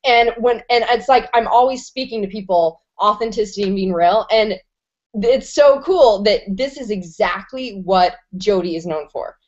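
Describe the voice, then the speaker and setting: A woman's voice: medium pitch, normal speed, muffled recording. A woman hosting an online interview show, enthusiastic and slangy, swearing freely and rambling as she talks. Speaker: host.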